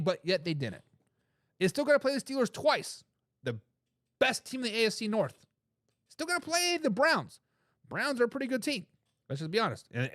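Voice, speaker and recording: A man's voice: high voice, a bit bright, dry recording, clean studio sound. A man hosting a casual sports talk show, reading out viewer comments, repeating his points with emphasis and laughing between remarks.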